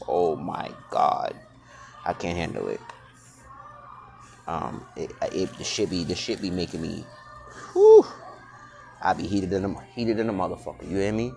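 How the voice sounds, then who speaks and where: A man's voice: low voice, vocal fry. A man vlogging in a blunt, profane, unscripted monologue, often restarting and repeating words. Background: music.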